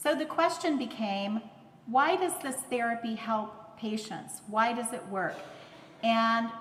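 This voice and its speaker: A woman presenting a lecture on speech therapy, explaining in a measured way with some fillers. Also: mid-range voice, reverberant, in a large hall, a little hiss or hum. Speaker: conference speaker, speech therapist.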